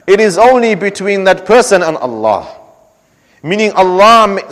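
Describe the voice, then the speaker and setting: Preacher, male, slightly higher voice, earnest sermon delivery, long hall reverb. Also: lively intonation, a bit bright. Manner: earnest storytelling, recites scripture in quick chant.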